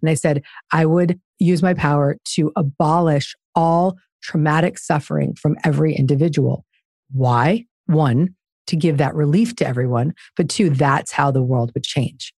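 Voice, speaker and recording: A woman's voice: sits low, moderate pace, a little mellow, no room sound, clean studio sound. A woman guest author talking in an interview, emphatic and preachy in her delivery. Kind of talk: conversational interview.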